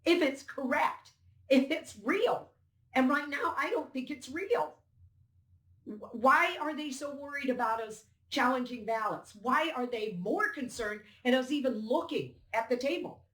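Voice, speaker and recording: A woman's voice: sits high, moderate pace, fairly bright tone. An older woman giving an emphatic, indignant interview account, acting out the dialogue as she tells it. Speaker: poll challenger recounting events. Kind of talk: interview testimony. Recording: roomy echo.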